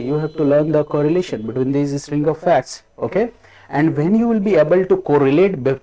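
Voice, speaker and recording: A man's voice: mid-range voice, warm tone, low-quality recording. A middle-aged man, giving an exam coaching lecture, repeating key phrases and ending lines with "okay?". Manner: repetitive, ends lines with a rising "okay?"; slow, drilling emphasis on key phrases. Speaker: history teacher.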